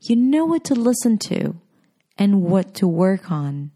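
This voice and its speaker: Woman, teacher, scripted lesson, slow careful delivery, warm mellow tone. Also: medium pitch, sing-song. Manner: slow, clear, deliberate demonstrations. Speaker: pronunciation teacher.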